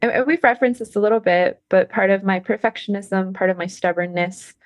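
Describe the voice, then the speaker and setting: Guest: young woman, bubbly and giggly, mid-pitched voice, dry close sound. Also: brisk, dry recording. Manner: bubbly, laughs often, many fillers. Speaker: professional climber, guest. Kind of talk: casual podcast interview.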